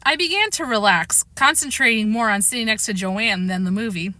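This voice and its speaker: A woman reading a children's chapter book aloud, expressive and animated. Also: mid-range voice, a little fast, no room sound. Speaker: reader. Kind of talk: storybook reading.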